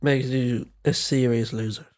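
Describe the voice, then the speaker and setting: A man's voice: medium pitch, steady tone, a little slow, a little mellow. A man co-hosting a podcast who answers with short, dry remarks. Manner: dry, brief interjections. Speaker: podcast co-host. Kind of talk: casual political chat.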